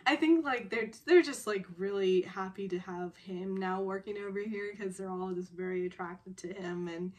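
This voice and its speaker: A woman's voice: mid-range voice, a little slow. A woman vlogger giving a casual, chatty recap of a drama episode, laughing often and rambling with lots of fillers. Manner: giggly, laughs often while retelling.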